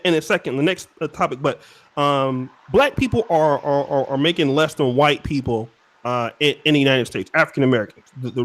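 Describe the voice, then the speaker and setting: Male panel host on a video call; high voice, rapid slangy delivery, keeps calling for calm. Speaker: host and moderator. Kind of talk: moderating a heated online panel.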